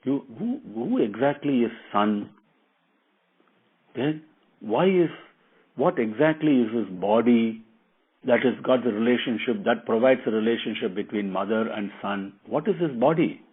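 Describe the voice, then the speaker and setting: A man voicing a calm young male prince who asks probing questions, on a tinny phone-like recording. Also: medium pitch, moderate pace, a little hiss or hum, lightly acted. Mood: calmly questioning.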